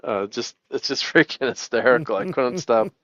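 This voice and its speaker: A man's voice: medium pitch, expressive, normal speed, a bit bright, no room sound. Chuckling middle-aged man, dry dull sound. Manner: chuckling, rambling, lots of laughter. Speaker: host. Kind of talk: casual live-stream chat.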